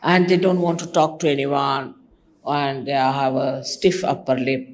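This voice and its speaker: A woman's voice: a bass voice, fairly even intonation, a little slow, slight background noise. An older woman from India, a spiritual teacher giving a conversational devotional talk to her followers, teasing and mimicking others. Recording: archival talk recording.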